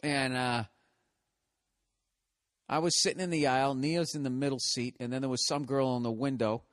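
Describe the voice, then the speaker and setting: A man's voice: mid-range voice, steady tone, normal speed, no echo, clean studio sound. A man in his forties with a Boston accent, hosting a podcast alone, telling profane, self-mocking stories with lots of restarts. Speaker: podcast host. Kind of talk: casual rambling monologue.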